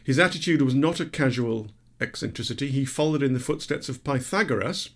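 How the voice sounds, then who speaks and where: A man's voice: mid-range voice, a little fast. A man co-hosting a podcast in casual chat, with dry, self-mocking asides. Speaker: podcast co-host.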